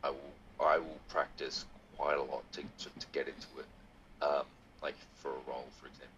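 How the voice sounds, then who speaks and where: A man chatting as a podcast guest over a video call, animated and theatrical, laughing often. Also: extremely low pitch, a little fast, highs cut off, a little hiss or hum. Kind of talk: casual chat.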